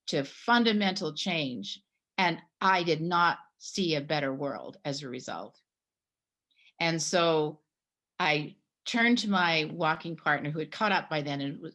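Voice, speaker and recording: Woman, middle-aged, guest in a conversation, personal story, acts out the dialogue, lowish pitch. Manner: animated storyteller, acts out her own past dialogue.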